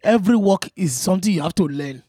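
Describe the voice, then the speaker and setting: A man's voice: high-pitched, expressive, dark tone, slightly rough, dry recording, studio quality. A man putting on a preachy Yoruba-accented man who drags out "eh" and lectures on working hard. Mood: lecturing. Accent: Yoruba-accented English. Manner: drawn-out "eh" fillers, mixes in Yoruba phrases, lecturing. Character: exaggerated Yoruba man giving advice, preachy, drawling.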